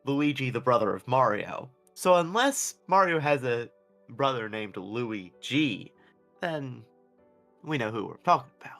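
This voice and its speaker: A man's voice: mid-range voice, lively intonation, unhurried, creaky, a bit bright, faint music behind. A man chatting casually on a stream as co-host, explaining things hesitantly with lots of fillers.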